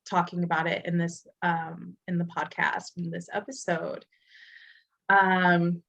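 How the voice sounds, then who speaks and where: A woman's voice: on the low side, fairly bright tone, rough recording. A young woman co-hosting a podcast in casual chat, talking loosely with lots of fillers. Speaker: podcast co-host.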